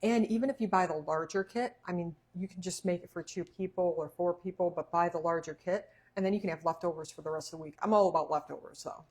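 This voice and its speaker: A woman's voice: lowish voice, fast talker, few pauses, darkish tone, husky. A woman hosting a casual cooking livestream, chatty and laughing often while she eats. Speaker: cooking show host.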